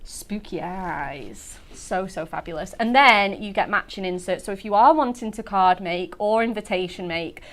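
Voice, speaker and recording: A female craft show host enthuses about products in a gushing demo chat, all gasps and "so cute" remarks. Her mid-range voice moves at a moderate pace with hardly any pauses.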